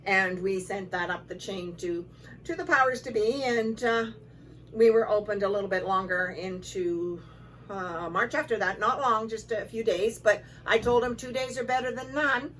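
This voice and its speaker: A woman, executive director of a shelter, telling stories in a relaxed conversational way, quoting people as she goes. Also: medium pitch, normal speed. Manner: conversational, relaxed, with fillers and quoted dialogue. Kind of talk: casual storytelling to camera. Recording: distant mic with faint background noise.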